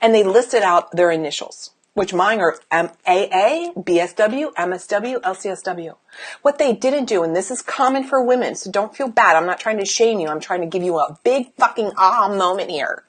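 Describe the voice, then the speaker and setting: A woman's voice: medium pitch, animated, moderate pace, a bit bright, husky. A woman business coach giving a blunt, emphatic motivational talk to camera, swearing freely and firing rhetorical questions at the viewer.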